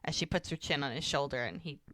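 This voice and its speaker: A woman's voice: deep voice, fast talker, no room sound, studio quality. A woman casually recapping a TV episode on a podcast, acting out the characters' lines as she goes. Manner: animated retelling, quoting characters with "she's like". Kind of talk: casual chat.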